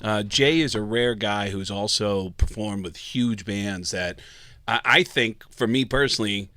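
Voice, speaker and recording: Bright-voiced storytelling man. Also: lowish voice, measured pace, no echo. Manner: animated storyteller, acts out quotes. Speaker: guest comedian. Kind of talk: casual podcast storytelling.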